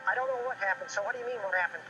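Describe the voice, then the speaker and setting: A man's voice: sits high, very fast, close to an everyday voice. An actor playing a flustered, sarcastic male guardian angel in a soap opera. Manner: sarcastic, nervous. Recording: dull TV broadcast with music.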